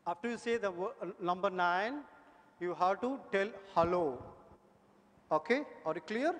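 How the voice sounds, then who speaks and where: A man, an energetic conference presenter coaxing an audience through speaking drills with repeated cues. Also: sits high, moderate pace. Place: large conference hall. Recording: long hall reverb.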